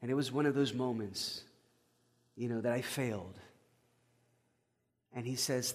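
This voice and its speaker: A man preaching a sermon, telling a personal story in a conversational way, with stammered restarts and swings from loud to hushed. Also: medium pitch, a little slow, long pauses, long reverb tail. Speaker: pastor.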